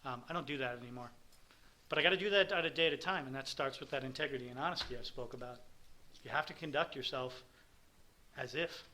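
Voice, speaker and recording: Candid bright-voiced middle-aged man. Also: mid-range voice, quick pace. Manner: candid, rambling, blunt. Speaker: recovery meeting speaker. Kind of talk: personal testimony talk.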